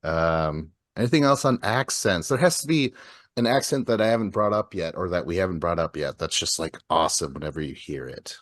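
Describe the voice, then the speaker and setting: A man's voice: low-pitched, animated, fairly quick, a bit bright, no room sound, studio quality. A man with a Wisconsin accent chatting casually on a podcast, rambling, laughing easily and trailing off mid-thought. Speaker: podcast co-host. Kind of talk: casual chat.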